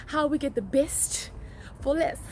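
Woman, young adult, casual vlog, chatty, slangy, high-pitched. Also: a little slow, a little hiss or hum. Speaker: vlogger.

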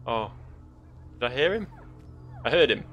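A man's voice: medium pitch, big pitch swings, measured pace, fairly bright tone, highs cut off, soft background music. A man giving joking, sweary let's play commentary over a game. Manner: joking, sweary, laughing often. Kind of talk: gameplay commentary.

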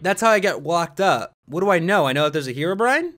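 A young man commentating his play of a horror game, jumpy and yelling whenever he is startled. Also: sits high, expressive, fast talker, noisy background. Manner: jumpy, shouting and screaming when startled. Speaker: gamer.

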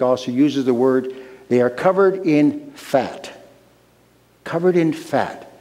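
A man pastor preaching a sermon in a church sanctuary, slow and emphatic, repeating his key phrases. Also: mid-range voice, a little mellow. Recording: long reverb of a large hall.

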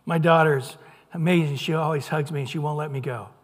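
A man's voice: on the high side, steady tone, fairly quick. A middle-aged man preaching a sermon as pastor, earnest and conversational, sometimes putting on playful voices. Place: church sanctuary. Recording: long hall reverb.

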